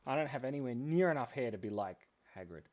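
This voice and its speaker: A man's voice: mid-range voice, expressive, quick pace, noisy background. A man hosting a live drawing stream for kids, chatting playfully and rambling with self-mocking jokes. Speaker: livestream drawing host for kids. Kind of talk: casual live-stream chat.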